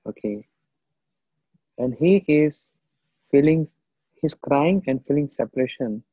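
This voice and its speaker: Through a dry, tinny, phone-like recording with a close feel, a man's husky, middle-pitched voice delivers a devotional lecture. The spiritual teacher speaks slowly and reflectively, pausing frequently to quote verses in an Indian language.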